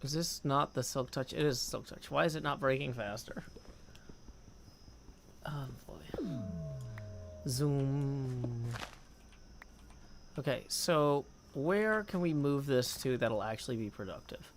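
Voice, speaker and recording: A man's voice: mid-range voice, lively intonation, measured pace, vocal fry, slight background noise. A man chatting casually on a gaming livestream at his desk mic, rambling, reading chat aloud and humming to himself. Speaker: streamer.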